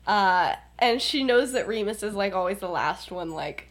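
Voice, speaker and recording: A woman's voice: medium pitch, expressive, moderate pace. A young woman co-hosting a podcast, casually retelling a fan story and acting out the characters' lines, often laughing. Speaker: podcast co-host.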